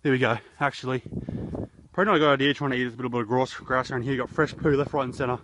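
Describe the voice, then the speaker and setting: A man's voice: mid-range voice, fairly even intonation, very fast, background noise. An Australian man hosting a goofy outdoor vlog in a horse paddock, talking into a handheld camera in a jokey, rambling, self-mocking way. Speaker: YouTuber host.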